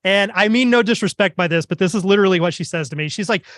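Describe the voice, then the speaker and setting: A beekeeper speaking at a club meeting, telling a story in an animated, wry way. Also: male voice, high-pitched, quick pace, few pauses, no room sound. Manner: animated, wry anecdotal delivery. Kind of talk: humorous storytelling talk.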